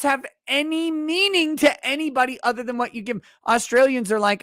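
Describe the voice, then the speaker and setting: A man hosting a casual livestream, reading viewer donations aloud in a loud, profane, ranting way that swings between shouting and muttering, a little tipsy. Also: very high voice, fairly quick, few pauses, no room sound, clean studio sound.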